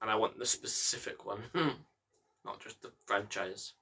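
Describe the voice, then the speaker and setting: Scottish co-host, husky bright voice, laughs lots, swears. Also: medium pitch. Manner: laughing a lot, quick, swears. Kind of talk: casual chat.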